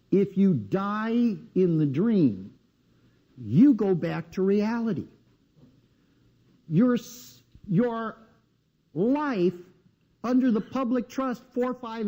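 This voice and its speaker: A man's voice: very high voice, mellow, highs cut off. A man giving a live seminar lecture in a blunt, needling way, firing rhetorical questions at his audience.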